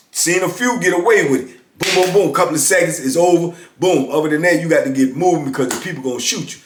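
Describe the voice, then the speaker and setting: A middle-aged man casually telling a story, often checking in with "you know what I'm saying.". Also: fairly high pitch. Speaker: vlogger telling prison stories. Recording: echoey room.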